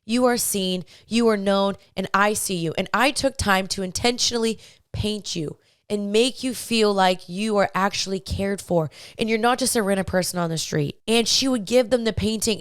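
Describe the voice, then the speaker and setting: A young woman hosts a faith-based advice podcast with a smooth, clear voice. She talks straight to her listeners, chatty and encouraging. The sound is dry and close. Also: medium pitch, moderate pace, no room sound. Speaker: podcast host.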